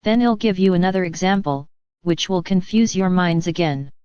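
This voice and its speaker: A woman giving a spiritual address to her listeners, speaking as a channeled messenger in a calm, measured, gently instructive way. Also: fairly low pitch, clean tone, no echo, lo-fi sound.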